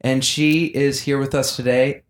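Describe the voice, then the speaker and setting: A man's voice: mid-range voice, flat delivery, unhurried, echoey room. A man hosting a podcast in his apartment, playful and teasing in casual chat. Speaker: podcast host.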